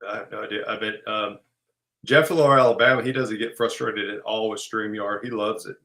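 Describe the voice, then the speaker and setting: A man's voice: on the low side, fairly even intonation, sharp tone. A man co-hosting a casual livestream chat, easygoing and agreeable. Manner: easygoing, agreeable, quick to laugh.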